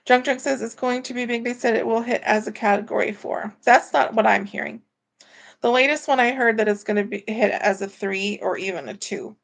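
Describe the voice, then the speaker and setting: Woman on a home live stream, kinda high voice, lots of vocal fry, rambly chat reading out comments. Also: fairly even intonation, brisk. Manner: rambling and chatty, with many fillers. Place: at home, indoors.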